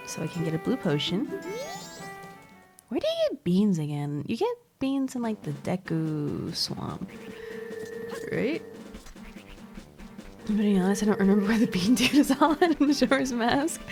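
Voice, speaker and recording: A woman's voice: mid-range voice, sing-song, unhurried, long pauses. Giggly young woman streamer rambling. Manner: rambling, giggly, swears casually. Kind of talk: casual gameplay chat. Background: game music.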